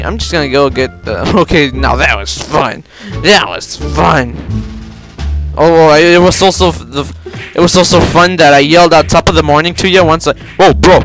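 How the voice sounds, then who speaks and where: A young man giving casual gameplay commentary, excitable, yelping and repeating himself. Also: a little high. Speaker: gameplay video host.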